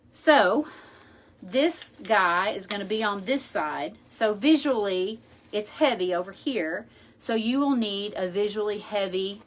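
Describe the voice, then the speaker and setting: A woman hosting a craft tutorial, chatting casually and thinking aloud as she works. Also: medium pitch. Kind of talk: casual how-to demonstration.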